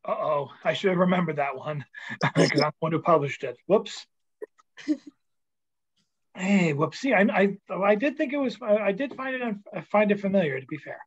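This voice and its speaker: A man's voice: high voice, lively intonation, normal speed, slightly rough, muffled recording. A man hosting an online poetry open mic in a casual, stumbling, self-deprecating way over a video call.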